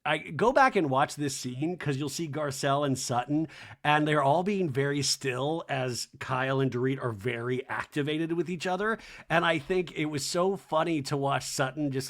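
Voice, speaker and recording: A man hosting a podcast, recapping reality TV in a chatty, animated, profane way. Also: mid-range voice. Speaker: podcast host.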